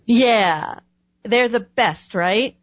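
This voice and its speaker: A woman's voice: on the high side, extremely slow, no echo, highs cut off. A woman hosting a radio talk show, chatting casually with a guest and dropping lots of "you know"s. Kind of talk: casual interview chat.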